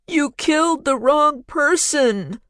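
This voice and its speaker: A narrator voicing a frightened man's remembered cry, shouted high and desperate in a storybook reading. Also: lively intonation, slow, no room sound, clean studio sound, exaggerated voice. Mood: panicked.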